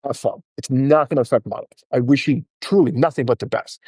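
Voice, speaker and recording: A man's voice: mid-range voice, a little mellow, husky, no echo, clean studio sound. A man hosting a podcast, blunt and joking as he talks through ideas with his guest. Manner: blunt, joking, fast-talking. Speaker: podcast host. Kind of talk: conversational interview.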